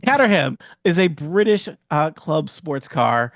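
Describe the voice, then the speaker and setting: A man's voice: on the high side, very animated, measured pace, fairly bright tone, no echo, clean studio sound. A man hosting a podcast quiz game, reading out questions and explaining answers. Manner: explanatory, reads questions and facts. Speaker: quiz host.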